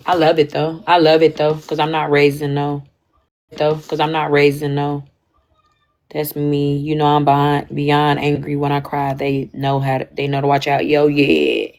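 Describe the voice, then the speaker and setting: A young woman with talks frankly on a casual livestream. Her voice sits low, and she circles back over her words and restarts often. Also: creaky. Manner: candid, repetitive, emphatic with frequent restarts. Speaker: livestream host.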